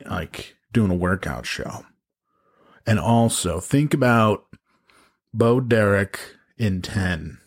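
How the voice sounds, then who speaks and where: A man co-hosting a podcast, telling crude, excitable stories in casual comedic chat. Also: on the low side, slightly rough. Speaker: podcast co-host.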